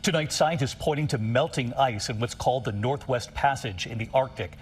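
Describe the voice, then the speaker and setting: A man's voice: mid-range voice, a little fast. A man reading a broadcast news report in a formal newsreader style. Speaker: news anchor.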